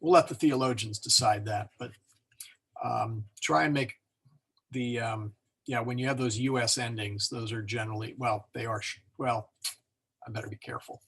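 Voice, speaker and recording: A man's voice: medium pitch, normal speed, a bit bright, slightly rough. A man teaching an informal class on Latin pronunciation, talking loosely with many fillers and restarts. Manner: hesitant, many fillers and self-corrections.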